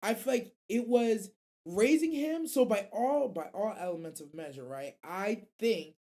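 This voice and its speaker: A woman hosting a casual anime radio show, animated and slangy, rambling and swearing freely. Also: medium pitch, a little slow. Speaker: host.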